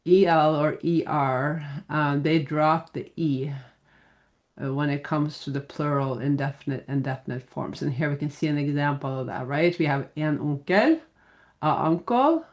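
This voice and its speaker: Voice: medium pitch, a little mellow. Patient grammar teacher. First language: Norwegian. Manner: patient and plain, spells out letters, many "uh" fillers. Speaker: Norwegian language teacher. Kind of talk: explaining a grammar lesson.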